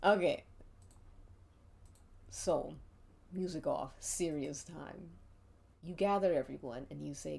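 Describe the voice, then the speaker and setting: A woman's voice: low voice, creaky, a little mellow, slight background noise. A woman streamer narrating a tabletop game as game master, giggly and playful. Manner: giggly, playful, slow-paced.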